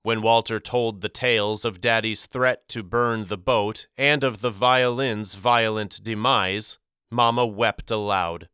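A man narrating a first-person storybook audiobook in a measured, unhurried way. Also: fairly low pitch, fairly even intonation, bright, forceful tone, smooth, dry recording, studio quality.

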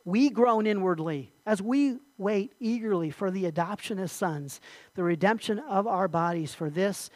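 A man's voice: sits high, moderate pace, darkish tone, dry recording, low-quality recording. Earnest preaching man, dry close sound. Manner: earnest preaching, repeats key phrases, clears throat. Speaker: pastor. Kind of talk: sermon.

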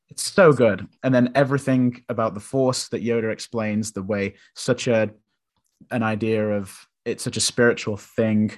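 A young man co-hosting a podcast, talking enthusiastically about a film, rambling with restarts. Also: fairly low pitch. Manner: enthusiastic, rambling, with animated quoted voices. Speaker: podcast co-host. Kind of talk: casual film discussion.

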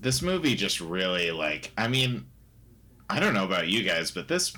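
A man's voice: low voice, very animated, normal speed, sharp tone. A young man co-hosting a casual movie chat, rambling with restarts and laughing often. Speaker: podcast co-host reviewing a movie.

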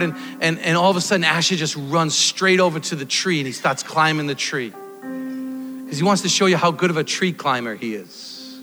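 A man preaching a sermon, swinging from loud exhortation to quiet storytelling. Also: fairly high pitch, fairly quick. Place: church hall. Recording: long hall reverb with faint music.

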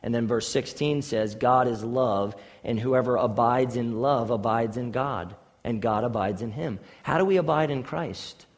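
A man's voice: medium pitch, unhurried, hardly any pauses, in a large hall. A man preaching a sermon as pastor, emphatic, with repeated phrases and rhetorical questions.

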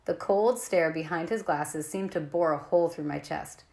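A woman narrating a novel aloud in the first person, with a clear, expressive reading. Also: deep voice, normal speed. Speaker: audiobook reader.

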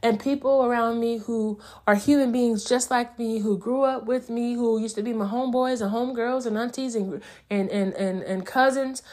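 A woman's voice: a little high, fairly even intonation, moderate pace, few pauses, darkish tone. A woman hosting a faith-based podcast, speaking in a fervent, preaching manner and addressing her listeners directly. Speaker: podcast host.

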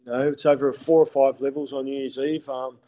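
A man's voice: mid-range voice, level tone, brisk, dark tone. A young man with an Australian accent, chatting casually as a podcast guest, rambling with lots of fillers and restarts. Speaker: guest, male stripper.

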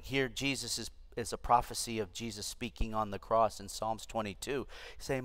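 A man's voice: mid-range voice, expressive, fairly quick. An older man, a pastor, teaching a discipleship class with emphatic repetition, in an echoey church room. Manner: emphatic, repeats key phrases.

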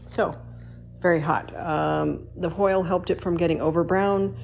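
A woman's voice: on the low side, steady tone, moderate pace, creaky, darkish tone, soft background music. A woman hosting a casual home baking vlog in her kitchen, chatty and enthusiastic, with lots of ums and appreciative mms. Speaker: baking show host.

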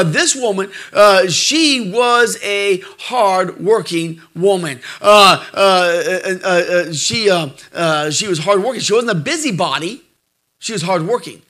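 A man preaching a sermon as pastor, emphatic but halting, with many filler sounds and repeated words. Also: high voice, sharp tone.

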